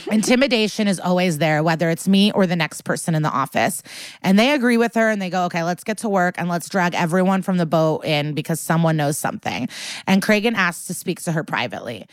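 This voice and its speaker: Podcast co-host, woman, low pitch, dry close-mic sound, animated casual recapper. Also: a little fast, no room sound. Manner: animated, acts out quotes with swearing and laughs. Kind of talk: casual chat, episode recap.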